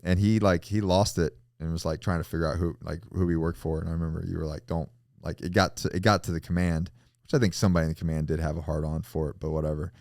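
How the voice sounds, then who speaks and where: Deep-voiced casual podcast host. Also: male voice, little pitch movement, quick pace, darkish tone, dry recording, studio quality. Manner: casual, profane, agreeable with frequent yeahs.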